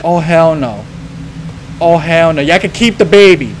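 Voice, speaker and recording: A man's voice: on the high side, normal speed. A young man talks through a horror game. He is jumpy, swears a lot and scolds an unseen baby as if he were its parent. A faint hiss sits under the voice. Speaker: gaming YouTuber.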